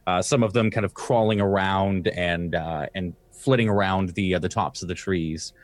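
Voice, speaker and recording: A man narrates a tabletop adventure as its game master, describing scenes in a loose, relaxed way with many pauses. His voice sits low. The recording is close and dry. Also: no echo. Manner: relaxed, descriptive, full of ums and uhs.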